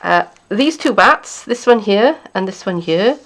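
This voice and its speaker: A woman demonstrating card-making, chatting and thinking aloud as she works, sometimes dropping to a quiet mutter. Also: mid-range voice, animated, unhurried. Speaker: craft demonstrator.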